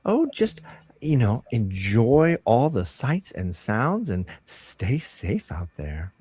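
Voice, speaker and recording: A man's voice: medium pitch, wildly swooping pitch, slow pace, warm tone, husky, no room sound, exaggerated voice. A man voicing an unseen figure who speaks through a magic earring, upbeat and encouraging. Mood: cheery.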